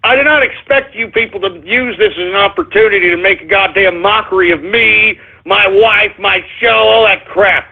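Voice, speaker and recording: A man hosting a live radio show, reading listener shout-outs and ranting at them in exasperation, often yelling at them to shut up. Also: high voice, normal speed, creaky, few pauses. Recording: tinny phone-like lo-fi audio.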